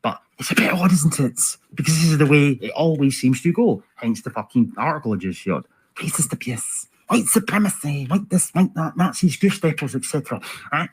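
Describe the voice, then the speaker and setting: A man's voice: on the high side, expressive, brisk, a little mellow, husky, low-quality recording. A man giving sarcastic, profane political commentary over video clips, full of rhetorical questions.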